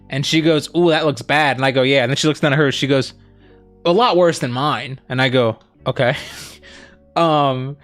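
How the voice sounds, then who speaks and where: A man chatting on a livestream with an ordinary mid-range voice, spinning a rambling anecdote full of "like" and "um". He slips into quick imitations of the people in his story, and soft guitar music plays faintly behind him. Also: medium pitch. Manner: rambling, many fillers and "like"; animated retelling, quoting others. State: injured foot, on crutches. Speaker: streamer co-host. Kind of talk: casual storytelling chat.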